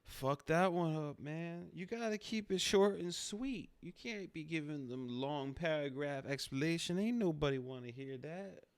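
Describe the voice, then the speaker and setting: A man's voice: a little high, animated, measured pace, hardly any pauses, smooth, no echo, pitched above the performer's own voice. A man voicing a streetwise adult male panhandler who talks in bossy street slang, coaching a newcomer.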